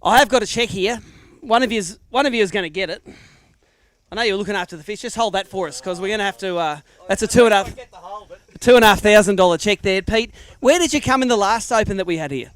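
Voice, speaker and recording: An Australian man emceeing a live weigh-in, talking quickly in a fairly high register. His voice comes through smooth and clear, and his banter with the anglers is energetic and matey. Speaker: tournament emcee. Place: outdoors at a lakeside weigh-in.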